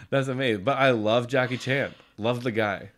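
A man's voice: mid-range voice, a little slow, a bit bright. A man co-hosting a podcast, talking in a rambling, emotional way and laughing easily. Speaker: podcast co-host. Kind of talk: casual chat.

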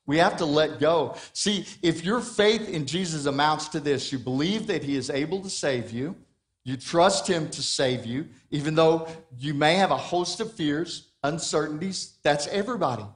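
A middle-aged man preaching a sermon, asking the congregation questions and swinging between soft and loud passages. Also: a little high, normal speed. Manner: dynamic preaching with questions and acted quotes. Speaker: pastor.

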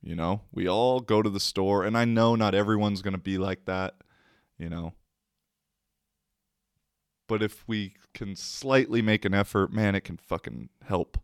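A man's voice: fairly low pitch, steady tone, unhurried, long pauses, smooth, dry recording, studio quality. A man talking casually to the camera, telling a rambling story, laughing often and swearing offhandedly.

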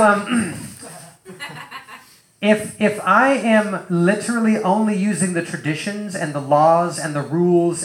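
A man preaching a casual sermon in a loose, animated way, full of fillers and acted-out asides, in a church hall. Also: on the high side. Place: church hall with a live audience. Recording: roomy echoing hall.

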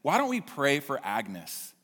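A man voicing a humble male pastor who speaks softly, low and measured. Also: wildly swooping pitch, long reverb tail, heavily acted. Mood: earnest. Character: quiet, earnest male pastor, calm and humble.

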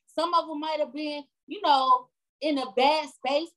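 A woman in a casual chat who talks in a relaxed way and often checks in with her listener. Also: high voice, unhurried, rough recording. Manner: relaxed, fillers like "you get what I'm saying".

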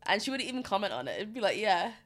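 A woman's voice: mid-range voice, big pitch swings, rapid-fire, a bit bright. A young woman, chatting casually as a podcast co-host and telling stories with frequent laughter. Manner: chatty storyteller, laughs often. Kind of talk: casual chat.

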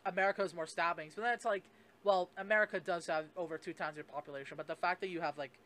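A man's voice: sits high, fast talker, sharp tone. A young man hosting a casual solo podcast, rambling and swearing, with lots of fillers and restarts. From Canada. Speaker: podcast host.

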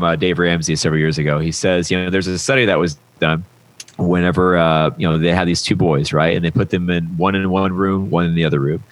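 A young American man with a very low voice talks casually as a podcast guest. He tells stories with energy, jumping into the voices of the people in them. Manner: animated storyteller, acts out voices in anecdotes.

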